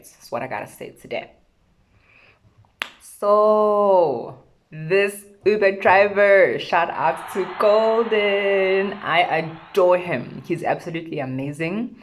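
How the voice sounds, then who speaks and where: A young South African woman with a South African accent, telling a casual storytime vlog with sassy, animated retellings of conversations. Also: medium pitch, slow. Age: young adult. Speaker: vlogger.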